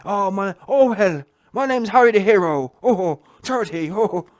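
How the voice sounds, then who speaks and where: A man's voice: high voice, measured pace, dry recording, studio quality, pitched above the performer's own voice. A man mocking a whiny, boastful bloke.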